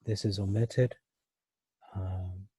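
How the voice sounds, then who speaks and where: A man's voice: deep voice, steady tone, takes it slowly, mellow, a little hiss or hum. A man teaching a verse-by-verse Bible study, thinking aloud with many fillers and restarts.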